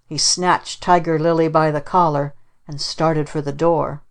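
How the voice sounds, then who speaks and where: A woman narrating a children's storybook in a measured way. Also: sits low, fairly even intonation. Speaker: audiobook narrator. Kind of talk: scripted narration.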